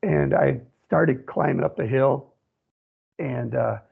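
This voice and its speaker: A man from central Wisconsin tells a story as a radio guest, rambling and looping back with "you know". His voice is gravelly and husky. It comes through a thin, phone-like line. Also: mid-range voice, slow. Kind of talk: telling a personal story in an interview.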